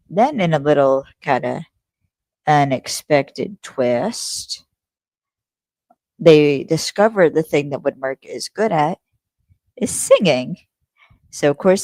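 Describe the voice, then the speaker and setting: A woman's voice: sits low, animated, slow pace, pauses often, darkish tone, no echo. A young adult woman hosting a podcast, recapping an episode in a rambling, casual way, swearing freely and correcting herself as she goes. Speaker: podcast host.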